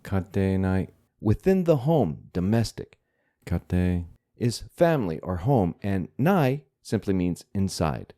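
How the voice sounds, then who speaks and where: A man explaining vocabulary to learners at an unhurried pace. His voice is low and warm, and his pitch moves around a lot. He works through the grammar patiently and methodically. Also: sing-song. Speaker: language teacher.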